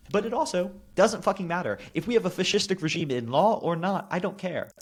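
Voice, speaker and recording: Man host, casual political rant, sarcastic and foul-mouthed, animated pitch. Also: breathy edge. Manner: sarcastic, ranting, profane. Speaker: podcast host.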